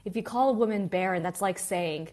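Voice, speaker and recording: A woman teaching a live online English class, chatty and lively, greeting students by name as they join. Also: mid-range voice, fairly quick.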